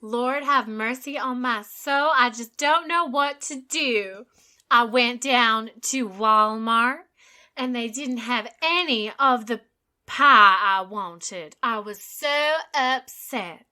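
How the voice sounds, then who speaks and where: A woman's voice: a little high, takes it slowly, pushed and bright, full character voice. A woman putting on a fussy, dramatic Southern belle voice with an exaggerated American Southern drawl. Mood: overwrought. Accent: put-on American Southern.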